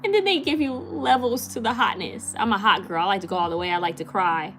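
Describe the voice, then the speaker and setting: A woman's voice: a little high, very animated, fairly bright tone, faint music behind. A woman from California hosting a live stream, chatting casually and giggling as she answers viewer comments. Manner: chatty, giggly, with many fillers and quick repeats.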